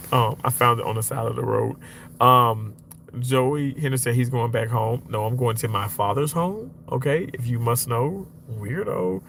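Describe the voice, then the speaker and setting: A man hosting a casual livestream from a car, reading viewer comments aloud in a chatty, playful way. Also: slight background noise. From Mississippi, US. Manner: chatty, playful, reads comments aloud, swings up high when excited. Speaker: livestream host reading chat.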